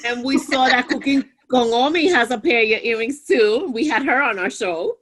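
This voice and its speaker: A woman's voice: fairly high pitch, normal speed, fairly bright tone. A woman co-hosting a casual chat, playful and enthusiastic. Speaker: co-host. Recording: faint background noise.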